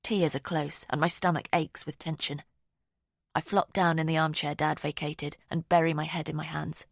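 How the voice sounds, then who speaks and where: A woman reading a thriller audiobook in calm, measured first-person narration. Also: deep voice, gravelly, no echo, clean studio sound.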